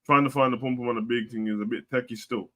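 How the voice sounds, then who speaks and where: A man's voice: mid-range voice, steady tone, fast talker. A man hosting a casual live stream, reading out chat comments in a blunt, profane, heavy way. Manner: blunt, profane, slangy, swings between loud and quiet.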